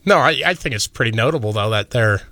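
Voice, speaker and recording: A man's voice: medium pitch, animated, quick pace, pushed and bright, dry recording. A man in casual podcast chat, chiming in with short dry remarks. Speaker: podcast co-host.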